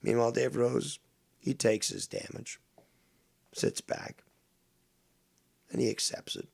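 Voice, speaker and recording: A man's voice: medium pitch, little pitch movement, takes it slowly, vocal fry, darkish tone. A man hosting a live stream, blunt and sarcastic and swearing often. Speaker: streamer and host.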